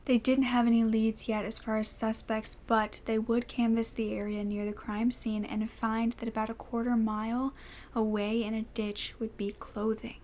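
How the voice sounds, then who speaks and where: A woman telling a true crime story in a soft voice that often drops to a whisper. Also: fairly high pitch, little pitch movement, moderate pace, a little hiss or hum.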